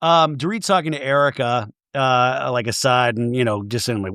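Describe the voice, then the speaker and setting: A man's voice: mid-range voice, brisk, few pauses, a bit bright, no room sound, clean studio sound. A man hosting a comedic TV recap podcast, rambling and gossipy with lots of restarts. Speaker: podcast host.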